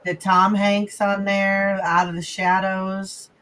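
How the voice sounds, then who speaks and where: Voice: medium pitch, flat delivery, slow pace, sharp tone, rough recording. A co-host chatting casually on a livestream, laid-back and teasing. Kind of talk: casual chat.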